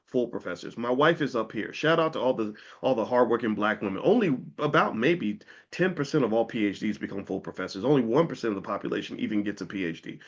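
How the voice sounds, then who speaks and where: A man and former professor speaking in a casual, animated monologue, often jumping high in pitch to mimic other people. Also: quick pace, hardly any pauses, lo-fi sound. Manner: animated, mimics voices with big pitch jumps.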